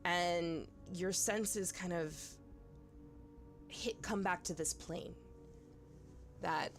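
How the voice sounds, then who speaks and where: A woman's voice: lowish voice, very slow, faint music behind. A woman narrating a tabletop horror game as game master, hesitant with many fillers.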